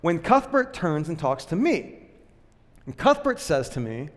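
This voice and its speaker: A pastor tells stories from the pulpit in a loose, chatty manner, stumbling over restarts and laughing at himself. His voice sits a little high for a man. The sound carries a long church-hall reverb. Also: very animated, a little slow. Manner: conversational, self-deprecating, many fillers and restarts. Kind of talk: sermon with personal storytelling.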